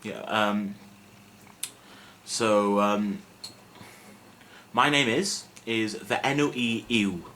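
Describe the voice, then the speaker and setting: Young man, bright forceful voice, lowish pitch, relaxed chatty teaching, faint hiss behind. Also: drawn-out words, pauses often. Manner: relaxed, self-mocking, chatty with many fillers. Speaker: Welsh language teacher. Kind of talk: casual video lesson. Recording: faint background noise.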